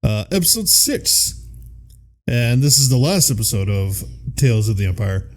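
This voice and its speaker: A man's voice: mid-range voice, big pitch swings, normal speed. A man with a Midwestern American accent, chatting casually as a podcast co-host and reading out episode summaries. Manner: casual, laughs often, curses freely.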